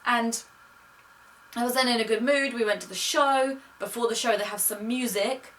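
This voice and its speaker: This casual vlog features a young woman telling a story in a chatty, gushing way and quoting people in her own voice. She has a fairly high pitch, a fairly bright tone and a moderate pace, recorded on a distant mic with faint noise.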